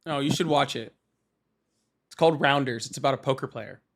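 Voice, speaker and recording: A man hosting a live call-in talk show, teasing callers with quick, casual jokes. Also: mid-range voice, fairly bright tone, a little hiss or hum. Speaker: host.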